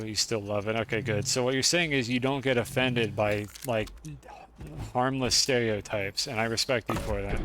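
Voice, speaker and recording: A man's voice: mid-range voice, fairly bright tone, slight background noise. A young man streaming a video game, chatting casually with his chat and swearing freely while he plays. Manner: chatty, profane, talks to chat.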